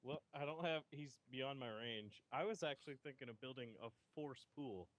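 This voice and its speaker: A man's voice: mid-range voice, normal speed. A man playing in a tabletop game over online voice chat, thinking aloud with fillers. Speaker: player.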